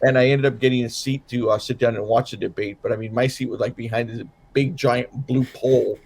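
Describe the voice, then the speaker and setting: A man with a mid-range, steady voice that's slightly fast, a bit mellow and husky co-hosts a political podcast. He's from Southern California and tired after a late night, so his casual political chat rambles loosely with lots of restarts and fillers.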